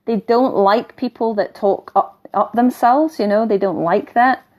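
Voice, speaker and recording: A woman's voice: fairly high pitch, unhurried, a little mellow. Chatty woman with a half-Scottish accent. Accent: mixed English and Scottish. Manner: blunt and chatty, keeps asking "right?", swears lightly. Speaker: spiritual teacher. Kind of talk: casual spoken teaching.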